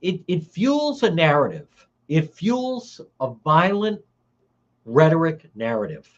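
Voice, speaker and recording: A man's voice: a little high, sing-song, slow. A man delivers heated political commentary on a livestream, his raised voice swinging widely up and down. He sounds indignant and keeps hammering the same points. The audio is dull and lo-fi. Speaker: talk show host.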